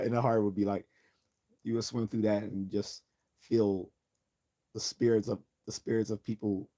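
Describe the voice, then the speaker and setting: On a livestream, a mellow, fairly low-voiced man rambles along casually. He swears heavily and keeps cracking himself up with his own jokes.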